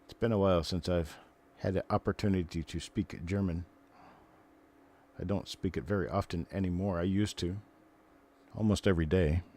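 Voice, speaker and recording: An older man hosts a live stream in a relaxed, rambling chat, answering viewers as he goes. His voice sits low and sounds warm and mellow. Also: normal speed, a little hiss or hum.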